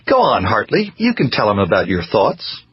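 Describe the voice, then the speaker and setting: A man's voice: fairly low pitch, huge pitch swings, normal speed, breathy edge, no echo, lo-fi sound, heavily acted. A man doing a falsely sweet, cheerful wife. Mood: sweetly cheerful. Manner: sweetly cheerful, gently pushy.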